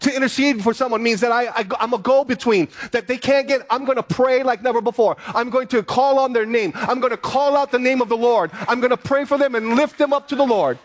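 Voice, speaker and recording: A pastor delivering a sermon in a high, light male voice. He reads the scripture passage aloud, then preaches with emphatic, repeated phrases to drive his points home. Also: brisk, few pauses.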